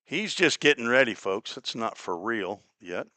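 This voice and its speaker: A man from Cincinnati calling a baseball game play by play, chatty and folksy, drifting into small talk between pitches. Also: very animated, a little slow, bright, forceful tone, no room sound. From Cincinnati, Ohio. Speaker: play-by-play announcer. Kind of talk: live baseball radio commentary.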